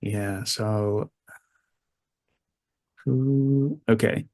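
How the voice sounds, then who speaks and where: A man co-hosting a podcast in casual chat, relaxed and plain-spoken. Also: on the low side, extremely slow. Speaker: podcast co-host.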